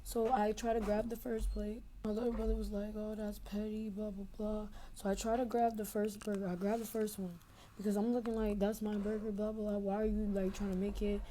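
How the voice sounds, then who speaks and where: A woman's voice: mid-range voice, level tone, fairly quick, mellow, a little hiss or hum. A young adult woman caller telling a long story in casual, rambling talk over a phone connection, filling gaps with "blah, blah".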